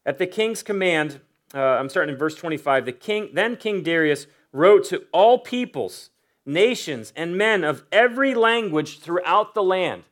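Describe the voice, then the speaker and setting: A man with a slightly high voice preaching a sermon. He speaks earnestly, with frequent filler pauses, and rises to emphatic, forceful peaks as he makes his points. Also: animated. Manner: voices imagined inner thoughts of a biblical figure. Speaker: pastor.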